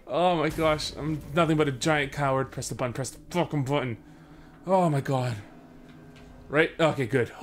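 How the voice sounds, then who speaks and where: Jumpy gamer guy. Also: mid-range voice. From Sudbury, Canada. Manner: jokey, swears, panics and yelps when scared. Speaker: let's play host. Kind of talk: horror gameplay commentary.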